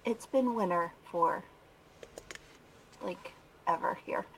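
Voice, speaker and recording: A woman with a Philadelphia accent co-hosting a casual talk show, chatty and quick to laugh. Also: lowish voice, creaky, slight background noise, low-quality recording. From Philadelphia area, USA. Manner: chatty, giggly, laughs often. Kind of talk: casual podcast chat.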